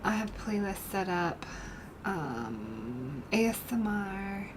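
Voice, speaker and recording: A woman artist chatting softly to her live-stream viewers while she paints in her studio, turning gushing and grateful when they praise her work. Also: mid-range voice, very animated, slow pace, noisy background. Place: home art studio.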